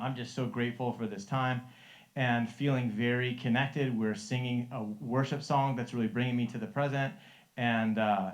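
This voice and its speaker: Earnest man telling a faith story. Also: mid-range voice. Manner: earnest, laughing often, many restarts. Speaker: Christian life coach sharing a testimony. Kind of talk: storytelling testimony to a live group.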